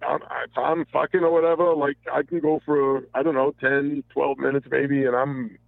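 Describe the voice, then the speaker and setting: Low gravelly man over a tinny phone line. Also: flat delivery, no room sound. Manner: halting, full of restarts and profanity. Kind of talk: casual confessional storytelling.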